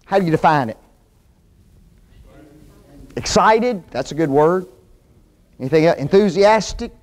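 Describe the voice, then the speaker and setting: A man teaching a Bible class sermon in a church, folksy and animated, often asking the class questions. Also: fairly high pitch, a little slow. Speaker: preacher.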